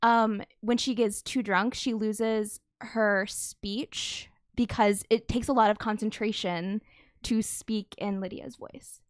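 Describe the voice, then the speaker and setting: A woman's voice: mid-range voice, steady tone, slow pace, no room sound, studio quality. Chatty woman playing a tabletop game. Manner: chatty, many fillers and laughs. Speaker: player.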